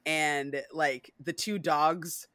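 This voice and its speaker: A woman hosting a podcast in casual chat, animated and acting out scenes in quick quoted voices. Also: low-pitched, dry recording, clean studio sound. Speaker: podcast host.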